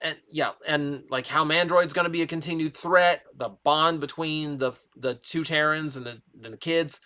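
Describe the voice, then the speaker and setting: A young man reviews a cartoon in an eager, rambling way, his voice slightly raised and bright. It sounds a little strained from a long stretch of talking. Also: a little high, steady tone, moderate pace. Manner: enthusiastic, rambling with fillers. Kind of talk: casual review commentary.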